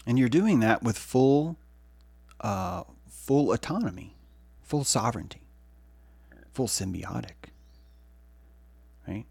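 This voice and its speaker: Man, podcast host, gravelly voice, lively swooping pitch, rambling, profane, dry close sound. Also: slow, long pauses, dry recording. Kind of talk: rambling solo podcast monologue.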